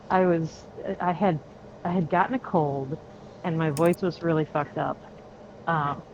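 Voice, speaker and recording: A woman chatting casually, telling a story slowly and bluntly with swearing. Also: sits low, a little mellow, lo-fi sound, slight background noise. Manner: slow, swearing, drawn-out storyteller. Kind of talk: casual chat.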